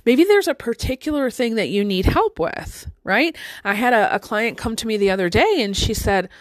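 A woman's voice: on the high side, expressive, normal speed, no echo. A middle-aged woman life coach giving a motivational talk to listeners, conversational and full of rhetorical questions and "right?".

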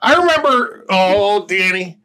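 Loud, profane man in noisy podcast chat. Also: high voice, animated, measured pace, gravelly. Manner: loud, profane, boisterous storytelling. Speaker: podcast co-host. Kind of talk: casual drinking chat.

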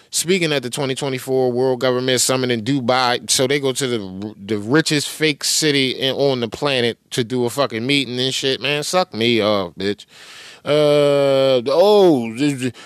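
A man's voice: mid-range voice, smooth, no room sound, clean studio sound. A man hosting a podcast, ranting in crude street slang and mocking the clips he plays. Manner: angry, crude, street slang, repeats clip words back mockingly. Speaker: podcast host. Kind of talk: profane commentary rant over played clips.

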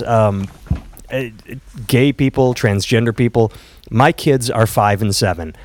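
A man's voice: lowish voice, no echo. A man co-hosting a podcast in casual chat, candid and profane, telling stories with acted quotes. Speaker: podcast co-host.

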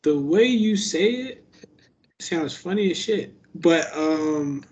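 High-voiced man, blunt podcast co-host. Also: expressive, slow, a little mellow, lo-fi sound, slight background noise. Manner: skeptical, blunt, swears casually. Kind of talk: casual podcast banter.

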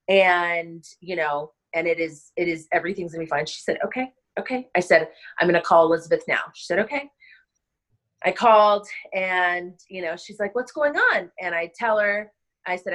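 A middle-aged woman recounting a hard memory in a relaxed interview, her fairly low voice halting and full of restarts. She sounds emotional but keeps going, circling back over her words as she talks. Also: poor audio. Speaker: wedding planner, guest. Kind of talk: casual interview storytelling.

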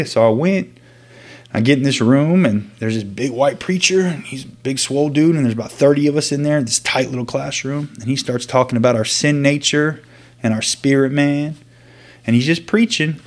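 Earnest man telling his story. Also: mid-range voice. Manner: earnest, halting, with many restarts. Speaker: guest sharing his testimony. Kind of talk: personal storytelling.

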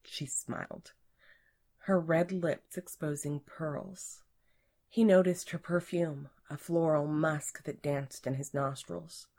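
A woman with a low voice narrates an erotic audiobook at an unhurried pace. Her delivery is breathy and intimate, and it often sinks to a whisper. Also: mellow.

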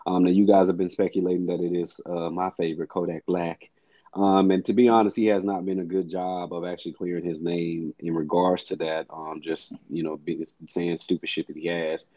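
A man's voice: sits low, flat delivery, a little fast, dry recording, muffled recording. A man co-hosting a casual music podcast, blunt, profane and emphatic. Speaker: podcast co-host.

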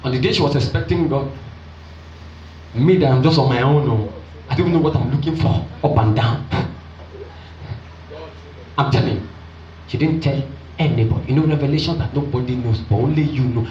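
A man preaching a storytelling sermon, acting out voices and leaping high when he plays excited women. He is recorded from afar in a roomy church hall, so the sound is dull and echoing, with a faint hum of ambience behind him. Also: brisk, pauses often, recorded from a distance. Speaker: pastor.

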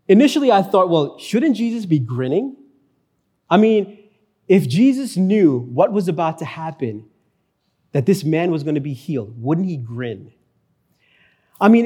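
A male pastor preaching a sermon in church, earnest, repeating key phrases and slowing down for emphasis. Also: on the high side, mellow, slightly rough.

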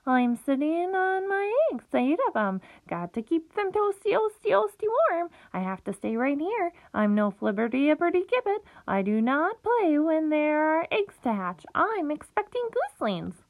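A woman's voice: high voice, sing-song, normal speed, few pauses, no echo, voice pushed up. A woman voicing a fussy, motherly female goose who repeats her words in a clucking chatter, on a tinny phone-like recording.

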